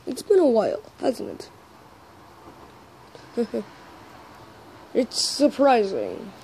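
A woman playing a calm male fire-elemental bartender, speaking slowly and solemnly. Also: on the high side, slight background noise, full character voice, low-quality recording. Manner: slow, solemn delivery.

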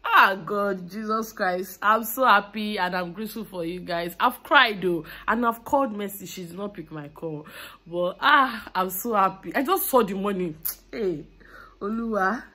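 Chatty Nigerian woman vlogging, husky. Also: mid-range voice, moderate pace, pushed and bright. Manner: chatty, effusive and grateful. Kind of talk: casual vlog chat.

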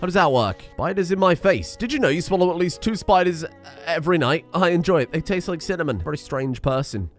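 A man commentating on a video game as a streamer, excitable, laughing and swearing often. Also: fairly high pitch, fairly quick, faint music behind. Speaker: gaming streamer. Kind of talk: let's play commentary.

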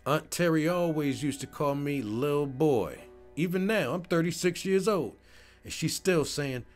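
A man narrating a first-person story in a scripted voice-over, animated and profane. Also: on the high side, measured pace, soft background music.

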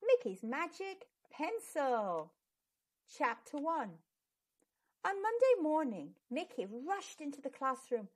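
A woman hosting a children's channel, reading a picture book aloud in an expressive, sing-song way. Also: high-pitched, slow pace. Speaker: channel host and storyteller.

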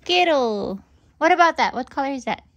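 A woman's voice: high-pitched, lively intonation, moderate pace, a bit bright. A young woman, coaxing her toddler at home in a sing-song voice and slipping into Tagalog phrases. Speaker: mother filming her toddler. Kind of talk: casual family chat.

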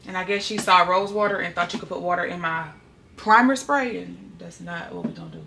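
Speaking briskly in a low, gravelly voice with a sharp edge, a young woman talks straight to her viewers in a candid, chatty home vlog. She's very animated, and the recording, made with a distant mic in a roomy, echoey space, has a slight hiss or hum.

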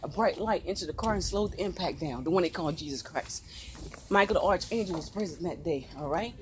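A woman street preaching with urgency, talking fast and calling out to passersby. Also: fairly low pitch, darkish tone, a little hiss or hum. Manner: urgent, rapid-fire, addressing passersby.

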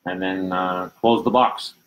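A man helping his wife teach a casual live lesson, speaking low-key from off-mic and repeating words back. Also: steady tone, measured pace, poor audio. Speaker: teacher's husband, helper.

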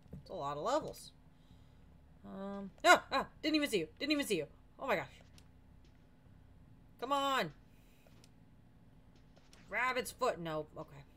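Playful woman streamer with lively pitch. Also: slight background noise. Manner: chatty, playful, talks to game characters. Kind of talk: casual gameplay commentary.

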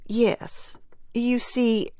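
A woman's voice: a little high, flat delivery, very slow, mellow, no echo, pitched above the performer's own voice. A woman voicing a kindly gray-haired older woman who speaks in a soothing way, in a dry, close recording.

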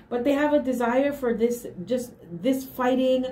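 Woman tarot reader, slightly high voice, casual and emphatic with affirming hums; echoey room, light hiss. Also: slow pace, dark tone. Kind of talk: casual tarot reading to camera.

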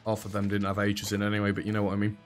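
A man's voice: lowish voice, completely flat delivery, very fast, soft background music. A man with an English accent that drops H's and T's, giving casual, sarcastic let's play commentary. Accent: English, dropped H's and T's. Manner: dry, sarcastic, chatty.

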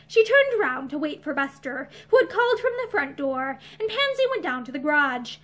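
A woman narrating a novel aloud, expressive, lifting her voice for the dialogue. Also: normal speed, few pauses. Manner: expressive, heightened pitch for dialogue. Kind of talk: audiobook-style reading with character voices. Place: indoor room with bookshelves. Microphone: seated facing camera.

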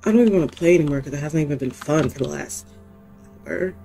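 A woman's voice: deep voice, expressive, quick pace, vocal fry, warm tone, faint music behind. A woman streamer commenting casually on a horror game, reacting with frustration and panicked repetition. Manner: reactive, exasperated, repeats herself in panic. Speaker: gaming streamer.

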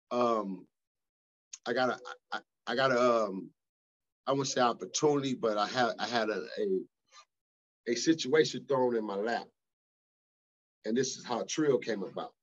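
A man's voice: medium pitch, dull audio. A middle-aged man telling stories in a casual interview, profane and emphatic. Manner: profane, emphatic, animated storytelling. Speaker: guest.

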